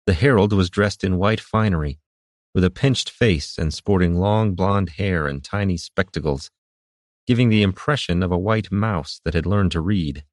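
A man reading fantasy narration in a steady, measured way. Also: sits low, no echo, studio quality. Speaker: audiobook narrator.

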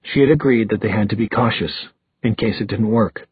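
Husky male audiobook narrator. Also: lowish voice, fairly quick, dry recording, lo-fi sound. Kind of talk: scripted narration.

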